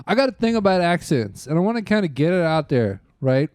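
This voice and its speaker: A man's voice: fairly high pitch, very animated, brisk, a little mellow, dry recording. A man hosting a comedy podcast, telling crude rambling stories in casual chat. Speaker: podcast host.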